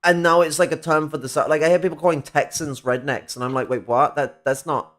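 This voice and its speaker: A man's voice: fairly high pitch, steady tone, fairly quick, fairly bright tone. A man in heated, rambling casual chat, swearing freely as he talks.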